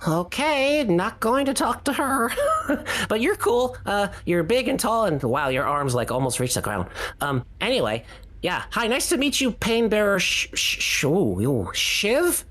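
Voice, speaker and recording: Woman doing stammering teen tiefling boy, lively swooping voice, gushing, eager. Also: medium pitch, unhurried. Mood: flustered. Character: shy excitable teenage tiefling boy. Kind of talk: tabletop role-play.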